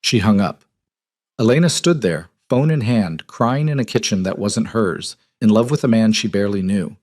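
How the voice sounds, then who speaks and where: A man narrating a romance audiobook in calm, measured tones. His voice sits low and the recording is dry and close. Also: no echo. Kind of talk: scripted narration.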